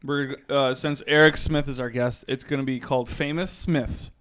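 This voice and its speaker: A man's voice: mid-range voice, fairly even intonation, moderate pace, a bit bright, clear, resonant tone. A man hosting a casual podcast, running a quiz game and laughing often. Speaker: podcast host.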